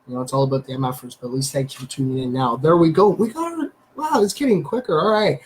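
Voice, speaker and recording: Canadian male streamer, relaxed rambling host chatter. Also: a little high, fast, hardly any pauses, rough recording. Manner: chatty, greets viewers by name, rambling. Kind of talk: casual live stream chat.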